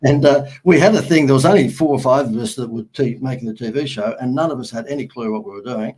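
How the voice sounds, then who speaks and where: A middle-aged Australian man, a marketing agency founder, telling lively anecdotes as an interview guest, acting out the dialogue and laughing as he goes. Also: medium pitch, fast talker, slightly rough, low-quality recording. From Sydney, Australia. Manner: animated storyteller who acts out quoted dialogue and laughs at his own anecdotes. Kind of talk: storytelling in an interview.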